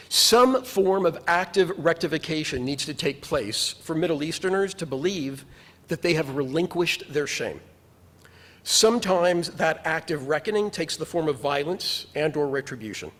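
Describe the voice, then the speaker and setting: A rabbi delivers a sermon in a notably high-pitched male voice, earnest and measured, leaning on emphatic repetition. His words ring out with a long reverb, as in a large synagogue sanctuary. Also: lively intonation, fairly bright tone.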